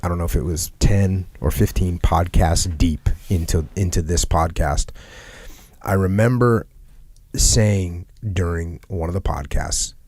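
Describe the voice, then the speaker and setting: A middle-aged American man hosts a podcast in a low, slightly mellow voice, speaking a little slowly on a dry recording. His conversational talk is earnest and reflective, and he repeats phrases for emphasis.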